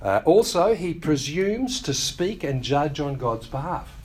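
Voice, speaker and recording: A male pastor preaching a sermon, teaching in a conversational way with wry asides and quick acted-out quotes of other people. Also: on the high side, sing-song, a little mellow, breathy edge.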